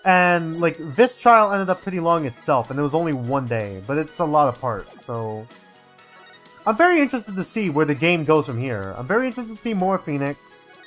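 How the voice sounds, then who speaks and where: A male gaming streamer talks casually over his game, rambling and musing with a lively, up-and-down pitch. Soft game music plays faintly behind him. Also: normal speed. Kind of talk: casual live gameplay commentary.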